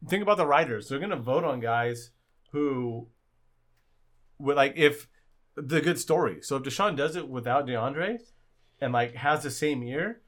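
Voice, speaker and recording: A man's voice: medium pitch, expressive, unhurried, a bit bright. Chatty man hosting a sports betting podcast. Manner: loose, filler-heavy sports betting talk. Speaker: podcast host. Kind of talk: casual podcast chat.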